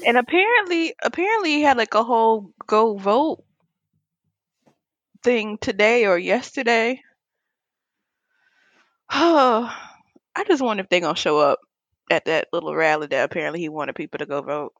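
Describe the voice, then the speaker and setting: A woman co-hosting a loose, casual conversation, laughing often and breaking into playful exclamations. Her voice sits a little high and swings widely in pitch. The sound is dry and close, with no room around it. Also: lively intonation, a little slow, long pauses, a bit bright, no echo, dull audio. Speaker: podcast co-host. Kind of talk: casual chat.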